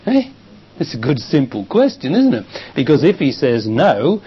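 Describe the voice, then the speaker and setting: An older man with an Australian accent, a spiritual teacher answering a question from the audience in a calm, emphatic way. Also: medium pitch, normal speed, husky. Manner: calm, emphatic, acts out quoted dialogue. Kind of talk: public talk answering a question. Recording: muffled 1990s live talk tape, faint hiss.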